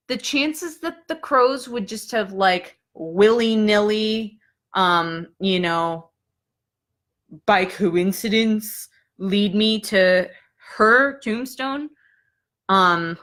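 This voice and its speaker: Young adult woman, bright and forceful tone, casual storyteller who jumps high and drops to whispers when quoting herself. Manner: animated storyteller, acts out her own past lines with pitch jumps and drops to a whisper. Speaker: psychic Q&A host.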